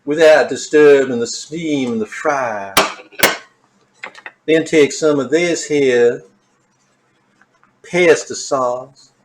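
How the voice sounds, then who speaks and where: A man doing an impression of a demonic woman from a TV drama, drawing out each word slowly and deliberately in a home kitchen. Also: mid-range voice, very noisy, close to an everyday voice. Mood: slow, eerie. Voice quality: drawn-out, slow, measured delivery.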